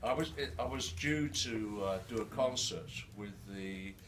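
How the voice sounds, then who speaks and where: An older man speaking to a live audience, halting with many restarts, his words slightly slurred by a new denture. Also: lowish voice. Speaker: guest speaker. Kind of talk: live storytelling talk. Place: event hall with an audience. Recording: distant mic in a noisy room.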